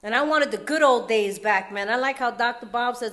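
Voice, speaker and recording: High-voiced joking woman from California. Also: brisk, fairly bright tone. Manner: streetwise slang, joking, laughs often. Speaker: recovery meeting speaker. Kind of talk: personal recovery story shared at a meeting.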